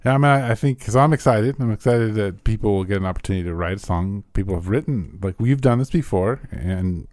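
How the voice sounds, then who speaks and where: A man's voice: on the low side, fast talker, few pauses, a little mellow, dry recording, studio quality. A man hosting a church podcast as pastor, interviewing a guest and affirming him with short replies.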